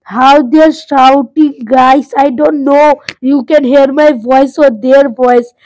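A young woman with a Bangladeshi accent, a native Bengali speaker, chatting excitedly in simple English while vlogging outdoors at a bird enclosure. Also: high-pitched, takes it slowly, no echo, low-quality recording. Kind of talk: casual travel vlog. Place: outdoor bird enclosure at a safari park, in rain.

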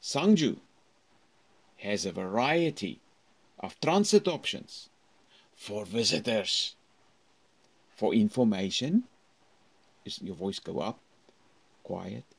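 A male university lecturer with a low, gravelly voice giving a recorded English lesson. He talks slowly and haltingly, with many fillers. His pitch swings widely as he models each phrase. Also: sing-song. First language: Afrikaans. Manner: slow, halting teaching talk with fillers and demonstrated phrasing.

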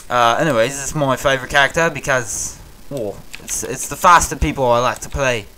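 A man's voice: medium pitch, brisk, sharp tone, slight background noise. A young man hosting a casual gameplay commentary in a put-on British accent, rambling and swearing with frequent stammered restarts. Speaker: gaming channel host.

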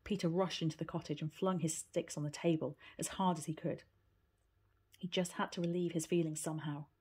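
A woman with a low, husky voice narrating a children's story aloud. Her reading is steady and even. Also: a little fast. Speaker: reader.

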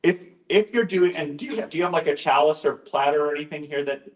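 A man's voice: on the high side, fast talker. A male pastor giving an informal, conversational talk, often interrupting himself with asides and jokes. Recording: roomy echoing room.

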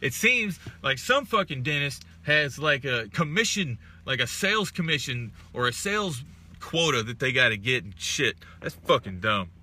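A man's voice: mid-range voice, lively intonation, moderate pace, bright, forceful tone, slight background noise. A young man from Texas hosting a casual live stream, greeting viewers and ranting with heavy profanity.

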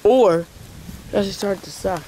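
A young man giving excited, laughing casual commentary on an amateur wrestling match, exclaiming and counting pins. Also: high-pitched, measured pace. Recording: noisy amateur outdoor recording.

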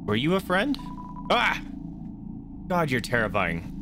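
A man's voice: on the high side, huge pitch swings, slow, background noise. A man streaming a video game, chatting casually and reacting aloud to what happens. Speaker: gaming streamer. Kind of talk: casual let's-play commentary. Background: faint game music.

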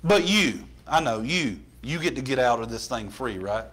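A pastor preaching a sermon, building from plain storytelling to impassioned shouting in a church. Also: male voice, medium pitch, animated, normal speed, breathy edge.

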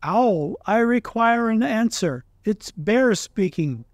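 A man voicing a gentle, simple-minded little male toy bear who speaks humbly and a bit wistfully. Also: high-pitched, very animated, normal speed, no room sound, clean studio sound. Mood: earnest.

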